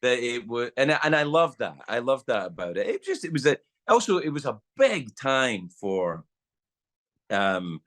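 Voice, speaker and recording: Animated Scottish man telling a story. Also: mid-range voice, unhurried. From Scotland. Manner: animated storyteller, acts out quotes, swears freely. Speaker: guest. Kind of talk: casual storytelling chat.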